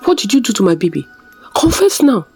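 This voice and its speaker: A storyteller voicing a panicked young mother who shouts accusations in a raised voice. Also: medium pitch, sing-song, fairly quick, husky, faint music behind. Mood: furious accusing.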